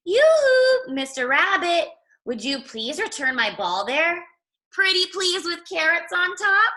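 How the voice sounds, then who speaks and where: A woman's voice: very high-pitched, very animated, unhurried, bright, forceful tone, pitched above the performer's own voice, full character voice. A woman voicing cheerful, friendly otter neighbors in a sing-song, sugary way while reading a picture book aloud.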